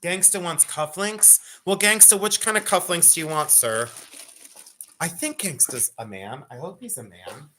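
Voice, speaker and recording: A man in his fifties hosting a live jewelry sale, chatting loosely and breaking into rapid auctioneer chant. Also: on the high side, expressive, bright, forceful tone, a little hiss or hum. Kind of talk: live-stream sales chat.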